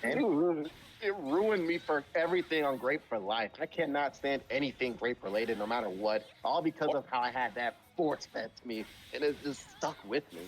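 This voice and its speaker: A man's voice: medium pitch, moderate pace. A man in casual chat on a live stream, talking bluntly and emphatically with plenty of swearing.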